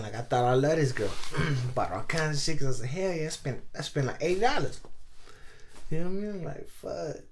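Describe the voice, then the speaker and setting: A man's voice: mid-range voice, a little hiss or hum. A young man on a podcast telling a long story in slangy, profane, rambling chat full of fillers. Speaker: podcast co-host.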